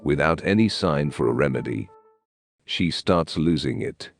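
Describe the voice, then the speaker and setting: A man telling a scripted story in a measured, dramatic way. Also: extremely low pitch, animated, vocal fry, faint music behind. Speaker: storyteller narrating a game video.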